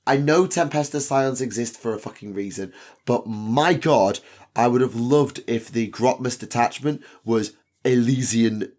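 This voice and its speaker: A man's voice: mid-range voice, a little slow, a little mellow. A man with a South Yorkshire accent hosting a casual podcast chat, rambling with lots of ums and swearing freely. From South Yorkshire, England. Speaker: podcast host.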